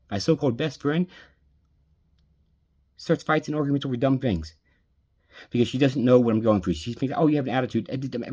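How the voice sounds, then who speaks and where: A man's voice: mid-range voice, a little mellow, breathy edge. An adult man venting in an angry personal rant, bitter and aggrieved, swearing often. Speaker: vlogger venting.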